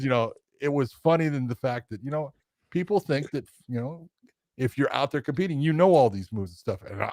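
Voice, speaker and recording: A man casually telling a story as a podcast co-host, animated and acting out quotes with laughter. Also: mid-range voice, no room sound.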